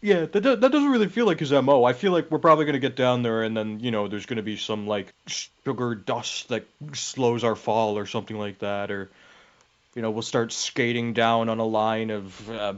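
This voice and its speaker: A man rambles through his guesses as a player at a tabletop game, full of fillers. His voice sits at a middle pitch, and the sound is a little dull. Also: moderate pace. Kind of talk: casual tabletop game chat.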